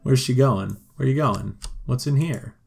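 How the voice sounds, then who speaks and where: A man's voice: medium pitch, moderate pace, gravelly, darkish tone, soft background music. A man giving wry, joking let's play commentary on a life-sim game. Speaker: gameplay commentator.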